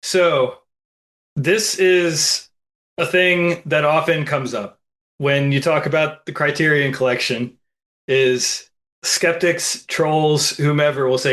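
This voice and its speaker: Male podcast co-host, bright tone, measured explainer. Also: a little high. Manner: explanatory, measured, with filler pauses. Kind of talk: casual film podcast chat.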